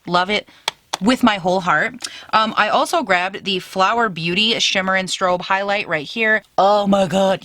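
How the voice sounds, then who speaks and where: A young woman chatting to camera in a gushing, animated makeup review. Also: mid-range voice, background noise. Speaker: beauty vlogger.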